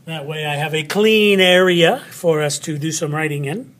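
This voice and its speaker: A man's voice: a little high, a bit bright. A man teaching children a spelling lesson, playful and patient, talking straight to them. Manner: playful, slow and patient, speaks to an unseen child.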